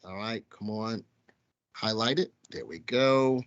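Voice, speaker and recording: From a studio, a stock market livestream host with a Southern accent talks in a relaxed, chatty way, addressing his audience as folks. He speaks slowly in a lowish voice, and the recording lacks high frequencies.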